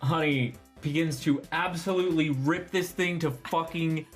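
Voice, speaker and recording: A man's voice: fairly high pitch, steady tone, moderate pace, faint music behind. A man running a tabletop game as game master, describing the scene casually and vividly, with some swearing.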